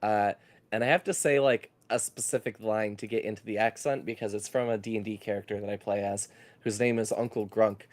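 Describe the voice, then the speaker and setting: A man's voice: on the low side, fairly even intonation, brisk, no echo. A man chatting casually on a stream and reading out viewers' jokes. He giggles through his own readings and apologises when he stumbles over a line. The sound is dry and close. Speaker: guest reading chat jokes.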